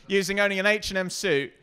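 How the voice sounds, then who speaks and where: A man doing a stand-up comedy set, self-deprecating and hesitant with many ums, sometimes breaking into loud shouted bits. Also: high-pitched.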